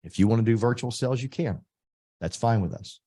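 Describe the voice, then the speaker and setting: A middle-aged man from Texas, giving an emphatic motivational recruiting speech that swings between loud punches and soft asides. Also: mid-range voice, brisk. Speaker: real estate company leader.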